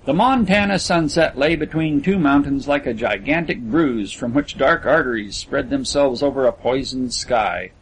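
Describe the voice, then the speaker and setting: A man narrating a literary story in a measured, descriptive way. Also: mid-range voice, slight background noise, poor audio. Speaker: audiobook narrator.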